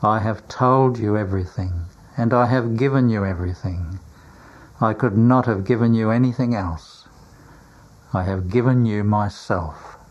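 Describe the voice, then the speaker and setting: A man voicing a gentle, grieving Jesus in a solemn, tender manner. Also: fairly low pitch, measured pace, highs cut off.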